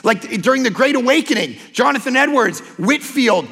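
A man preaching a sermon as a pastor, impassioned and emphatic, sometimes breaking into shouts. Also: extremely high pitch, expressive, normal speed, vocal fry, long reverb tail. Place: church sanctuary.

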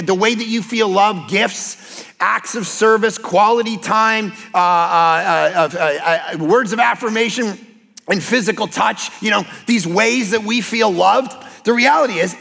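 A man preaching a sermon as pastor, telling lively personal stories and acting out quotes. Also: high-pitched, vocal fry, in a large hall. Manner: animated storytelling with acted-out quotes.

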